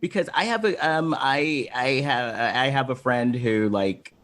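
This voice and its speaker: A man's voice: medium pitch, unhurried, fairly bright tone, a little hiss or hum. A man hosting a podcast, chatting casually and enthusiastically, laughing often and repeating himself. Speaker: podcast host. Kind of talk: casual chat.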